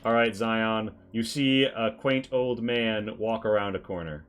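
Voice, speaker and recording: Low-voiced male game master. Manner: casual, halting with many fillers. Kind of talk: narrating a tabletop game.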